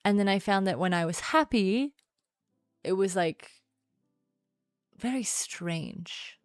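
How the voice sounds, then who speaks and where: A young adult woman streaming casual chat, playful and sing-songy, sometimes dropping into a lower, serious tone. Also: expressive, takes it slowly, clean tone, no echo, studio quality, faint music behind. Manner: sing-songy, chatty, shifts between playful and low serious tone.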